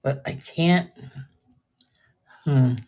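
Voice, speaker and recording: Her voice is extremely low and darkish, with words drawn out long. The older woman rambles casually through a live jewelry sale, often trailing off partway through a sentence.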